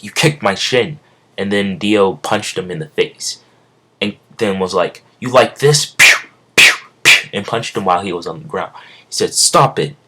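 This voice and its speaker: Young man, very low voice, improvised fan-story narration, rambling, lots of self-corrections. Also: a bit bright. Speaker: amateur storyteller.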